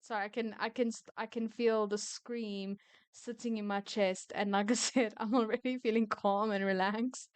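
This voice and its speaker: A woman reads customer stories aloud and stops to give her opinion on them in a chatty, opinionated way. Her voice is smooth and clear, sitting at an ordinary middle pitch. The sound is dry and close, with no room echo. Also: fairly even intonation. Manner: opinionated, chatty, quick to rant. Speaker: storyteller reading retail stories. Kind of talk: casual story reading with commentary.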